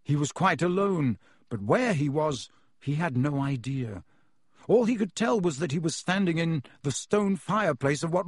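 A man narrates a fantasy storybook in a measured, expressive reading. His voice sits a little high for a man, and the close studio mic leaves it completely dry, with no room sound at all. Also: husky, dry recording. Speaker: audiobook narrator.

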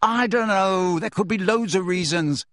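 A man's voice: on the high side, sing-song, normal speed, breathy edge, no room sound, studio quality, voice pushed up. A man reading aloud and voicing an agitated teenage wizard boy who talks urgently and defensively.

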